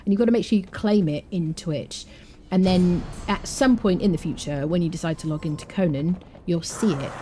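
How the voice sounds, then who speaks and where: A woman's voice: sits low, background noise. A woman streaming a game live, chatting loosely and answering her chat as she plays.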